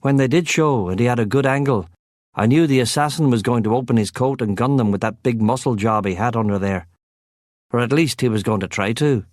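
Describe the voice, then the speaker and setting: A man narrates a first-person crime novel for an audiobook, his delivery wry and sardonic on a close studio mic. His mid-range voice is brisk with a darkish tone, and the recording is dry.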